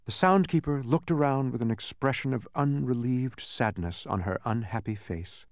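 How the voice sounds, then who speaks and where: A man narrating a storybook in an expressive, sing-song reading. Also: medium pitch, normal speed, dry recording, clean studio sound.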